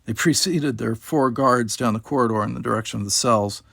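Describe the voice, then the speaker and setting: A man's voice: mid-range voice, vocal fry, no echo. Man narrating a story, dry close sound. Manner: steady, measured reading. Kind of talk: audiobook narration.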